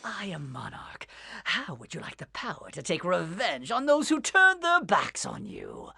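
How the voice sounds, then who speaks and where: A woman voicing a menacing grown male supervillain mastermind in a fan dub, speaking low and scheming. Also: huge pitch swings, unhurried, creaky, sharp tone, husky, full character voice.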